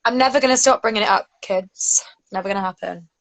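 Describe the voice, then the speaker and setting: A woman's voice: mid-range voice, fast, fairly bright tone, dry recording, low-quality recording. A woman in her thirties chatting casually as a podcast co-host, loose and laughing, with the odd swear. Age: 30s. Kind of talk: casual chat.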